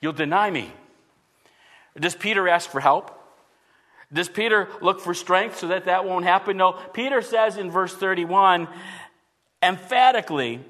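A man with a high voice preaches a sermon. He speaks earnestly to his congregation and often drops his voice low and quiet to act out what people think to themselves. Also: measured pace. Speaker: pastor.

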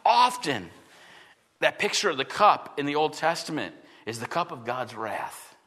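A middle-aged pastor preaching a sermon earnestly, swinging from forceful lines to hushed ones. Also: male voice, fairly high pitch, sing-song, measured pace, big-room sound.

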